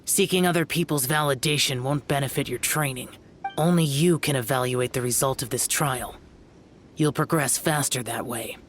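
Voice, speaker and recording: A man's voice: medium pitch, normal speed, a bit bright, natural voice. A man voicing a stern, aloof young male guardian spirit in a video game, lecturing curtly over music. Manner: cold, lecturing, curt.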